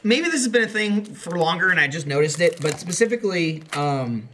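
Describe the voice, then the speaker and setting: A man's voice: fairly high pitch, very animated, brisk, bright, forceful tone, slight background noise. An American man hosting a casual podcast chat, rambling with profanity and mocking asides. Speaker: podcast host.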